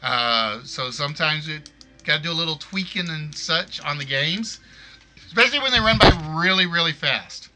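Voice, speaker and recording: A man hosting a live game show stream from home. His voice sits a bit high and sounds very bright. He talks in a loose, rambling way and keeps correcting himself. Soft music plays in the background. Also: animated, moderate pace. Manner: rambling, self-correcting, apologetic. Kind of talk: casual live stream chat.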